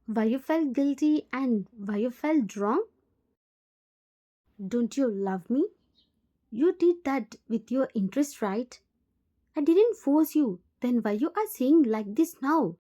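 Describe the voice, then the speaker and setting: A woman's voice: high voice, animated, takes it slowly, mellow, exaggerated voice. A woman with an Indian English accent voicing a heartbroken twenty-year-old girl, hurt and accusing. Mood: pleading.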